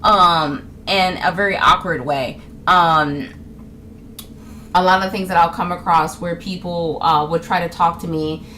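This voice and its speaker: A woman's voice: lowish voice, fairly even intonation, unhurried, bright, forceful tone, slight background noise. Chatty young woman vlogging to camera. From New York. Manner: chatty, laughs a lot, acts out other people's lines. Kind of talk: casual comedic monologue to camera.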